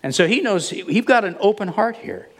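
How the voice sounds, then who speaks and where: Lively, animated male preacher. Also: high-pitched, fairly quick. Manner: animated storytelling, acts out quoted speakers. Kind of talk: sermon.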